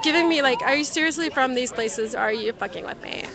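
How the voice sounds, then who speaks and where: A young woman livestreaming outdoors at a night protest from a handheld phone, talking casually to viewers and often shouting out. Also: sits high, a little fast, few pauses, a faint crowd. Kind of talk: live street commentary.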